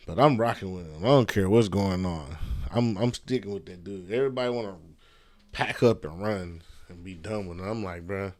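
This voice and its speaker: A man's voice: low voice, normal speed, a little mellow. A man hosting a casual solo podcast from a messy room at home, rambling loosely with fillers and swearing. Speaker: podcast host. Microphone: podcast mic.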